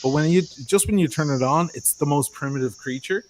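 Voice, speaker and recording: A man's voice: fairly high pitch, brisk. A man with a Dublin Irish accent telling stories in a casual chat, swearing freely. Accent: North Dublin Irish. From Ireland. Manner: chatty storyteller, swears freely. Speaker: podcast host.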